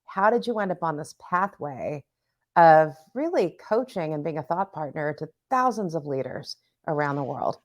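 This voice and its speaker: A woman's voice: low voice, lively intonation, moderate pace. A woman hosting a podcast interview, chatting casually and cheering her guest on with short interjections. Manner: warm encouraging interjections, "I love it". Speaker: podcast host.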